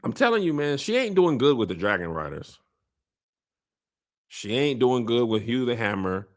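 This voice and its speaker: A man's voice: medium pitch, big pitch swings, moderate pace. A man hosting a casual comedic TV recap, rambling and joking as he acts out the characters. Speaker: podcast host.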